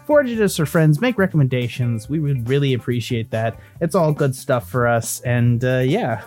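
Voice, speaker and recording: A man runs a tabletop game as dungeon master and hosts the podcast, chatting casually with his players. He jokes around and swears freely, in a middle-pitched voice with faint music behind him. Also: a little mellow.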